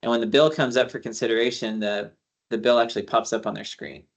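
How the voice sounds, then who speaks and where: At a quick pace and with fairly even intonation, this medium-pitched man runs a relaxed civic training as an attorney, recounting anecdotes through quoted dialogue and frequent fillers.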